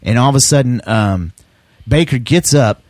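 A man's voice: mid-range voice, animated, normal speed, darkish tone, no room sound. A middle-aged man telling rambling, profane stories in casual chat, laughing as he goes. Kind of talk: casual storytelling.

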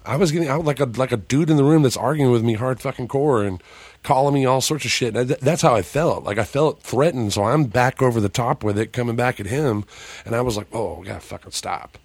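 A man, a paranormal investigator, telling a story as a podcast guest in a loose, profane, animated way, acting out what people said. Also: mid-range voice, brisk, no room sound. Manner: profane, animated, acts out quoted dialogue.

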